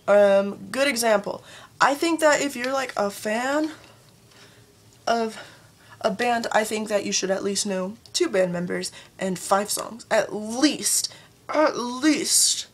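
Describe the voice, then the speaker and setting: Husky young woman ranting to camera. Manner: chatty and ranting, with quick jumps up in pitch. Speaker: vlogger. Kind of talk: casual rant to camera.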